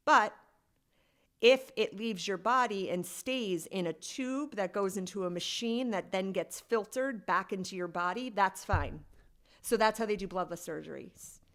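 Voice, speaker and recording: A woman's voice: medium pitch, unhurried, a bit bright. A woman guest on a podcast, telling a personal story in a candid, conversational way with lots of "like.". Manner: candid and conversational, heavy use of "like".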